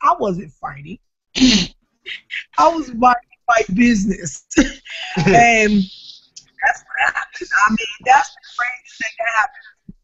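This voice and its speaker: A woman comedian from New Jersey tells a story with big, animated emphasis and bursts of shouting. The sound is somewhat dull and lo-fi, like a casual podcast recording. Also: fairly high pitch, slow pace, long pauses, slightly rough. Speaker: comedian guest.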